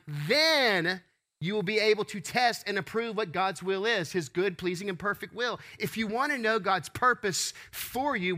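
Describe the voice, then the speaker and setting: A man's voice: high-pitched, sharp tone. A man preaching a sermon as pastor, asking rhetorical questions and calling for responses from the congregation.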